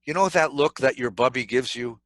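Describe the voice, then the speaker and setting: A middle-aged man, a rabbi, giving a dramatic, animated lecture on scripture at a synagogue. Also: mid-range voice, fairly quick, dry recording. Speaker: rabbi, keynote speaker.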